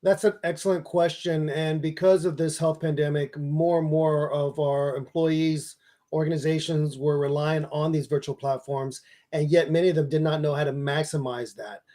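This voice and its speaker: Man, high-pitched, public speaking expert, energetic, emphatic, interview advice. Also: normal speed. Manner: energetic, emphatic coaching delivery.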